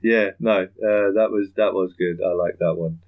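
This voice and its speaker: Male podcast host, lowish voice, loose rambling delivery with frequent chuckles. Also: steady tone, phone-quality sound. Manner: rambling, chuckles a lot, does quick impressions. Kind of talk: casual chat.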